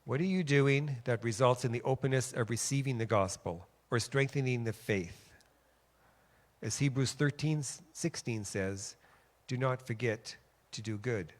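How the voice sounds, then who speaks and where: A man's voice: medium pitch, unhurried. A man from Western Canada preaching in a church, telling personal stories in a conversational way and checking in with "okay?". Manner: conversational, animated when quoting others, frequent "okay?". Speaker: guest preacher. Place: church sanctuary.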